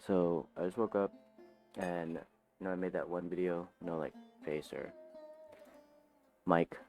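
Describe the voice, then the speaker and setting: A man's voice: sits low, fairly even intonation, unhurried, darkish tone, faint music behind. A man vlogging at home after waking up, thinking aloud about his book in a rambling, scatterbrained way and swearing casually. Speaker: aspiring author. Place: home, just woken up.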